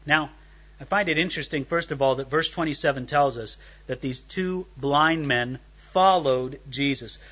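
A pastor with a medium-pitched, sharp voice preaches an expository sermon at a moderate pace, and the audio is lo-fi. He reads scripture aloud, then explains it verse by verse, acting out the voices of the people in the text.

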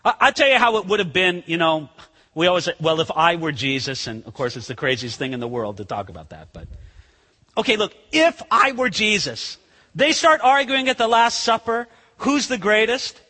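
A man's voice: high voice, very animated, moderate pace, sharp tone. A male pastor preaching a conversational sermon. He acts out scenes as he talks. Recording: long reverb of a large hall.

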